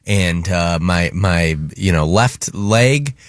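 A man's voice: sits low, slow pace, no echo, studio quality. A man hosting a hit-music radio show, telling stories in casual banter with frequent restarts. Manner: chatty storyteller with restarts.

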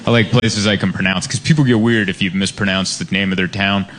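A male stand-up comedian telling a story with lively shouted impressions, recorded at a live show. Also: low-pitched, brisk. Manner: animated storytelling with shouted imitations. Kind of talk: stand-up routine. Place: comedy venue before a crowd. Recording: live show with crowd laughter. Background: audience laughing.

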